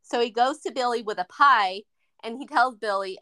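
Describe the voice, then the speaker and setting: A woman with a bright, clear voice co-hosts a casual movie podcast. She retells the plot in long stretches and slips into the characters' lines as she goes. Her talk is loose and chatty, full of filler words. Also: on the high side, normal speed. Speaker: podcast co-host. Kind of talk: casual movie review chat.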